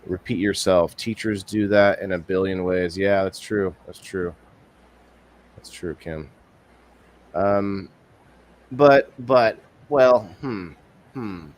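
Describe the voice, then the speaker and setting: A man's voice: deep voice, steady tone, slow, pauses often. A man hosting a casual live-stream podcast, rambling with many restarts and reading viewer comments aloud. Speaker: podcast host.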